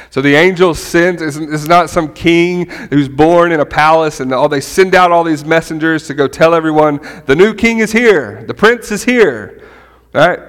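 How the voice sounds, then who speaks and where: A middle-aged man giving a conversational sermon as a pastor, animated and often checking in with "right?". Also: on the high side. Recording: long hall reverb.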